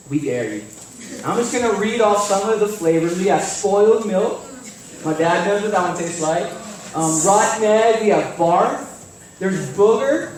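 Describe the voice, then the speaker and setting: A young man with a high voice preaches in an animated, joking storytelling manner. He is heard from some distance in a very echoey church hall, with a faint hiss underneath. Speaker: youth speaker. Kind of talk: sermon with a personal story. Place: church sanctuary. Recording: very echoey hall, far from mic, faint noise.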